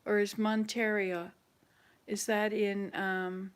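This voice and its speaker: A woman's voice: medium pitch, little pitch movement, slow pace, smooth. A woman hosting a casual chat with online viewers, thinking aloud and hesitating as she searches her memory. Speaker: channel host.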